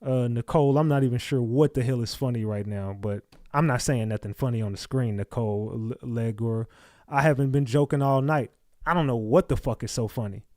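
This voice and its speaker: Blunt, profane livestream host, dry sound. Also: male voice, mid-range voice, fairly quick, dark tone, no room sound. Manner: blunt, profane, confrontational with chat. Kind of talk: casual livestream chat reading comments.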